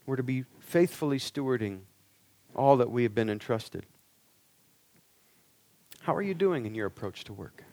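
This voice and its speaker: A man's voice: medium pitch, expressive, moderate pace, pauses often, mellow, dry recording. A male preacher giving an earnest sermon, pressing the listeners with rhetorical questions.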